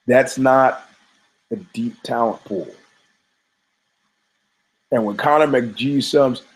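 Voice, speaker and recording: A man's voice: medium pitch, takes it slowly, long pauses, poor audio. A man with a mid-range voice hosts a fight podcast in loose, rambling commentary. He talks profanely and drifts into stories and asides, often restarting his sentences. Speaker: podcast host.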